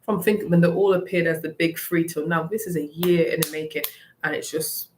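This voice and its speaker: A woman's voice: low voice, steady tone, fairly quick, noisy background. A young woman ranting bluntly and with animation, delivering solo wrestling commentary. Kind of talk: opinionated solo rant.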